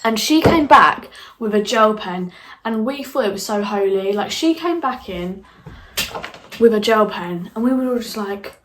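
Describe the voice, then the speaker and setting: A young woman telling a school story in a casual vlog, animated, swearing freely and acting out her own reactions. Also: mid-range voice, a little slow, a little hiss or hum, poor audio. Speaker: vlogger.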